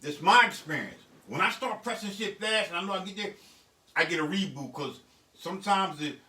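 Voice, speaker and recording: A man's voice: high-pitched, animated, a little fast, sharp tone. Blunt, cussing man in an echoey studio. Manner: profane, blunt, streetwise. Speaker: beat producer. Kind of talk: casual studio vlog. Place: home music studio. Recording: echoey room, mic at a distance.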